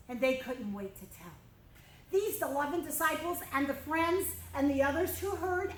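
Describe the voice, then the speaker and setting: A woman with a bright, high voice leads a children's Bible lesson, drawing as she goes. She tells the story expressively and keeps asking the kids questions. Her voice rings a little in a roomy church space over a faint hiss. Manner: expressive, addresses children directly. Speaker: children's ministry teacher. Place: church room.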